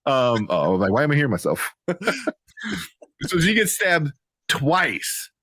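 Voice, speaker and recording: Animated man riffing on a movie. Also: mid-range voice, takes it slowly, dry recording. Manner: animated, laughing, mocking characters in playful voices. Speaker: podcast co-host. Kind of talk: casual movie review chat.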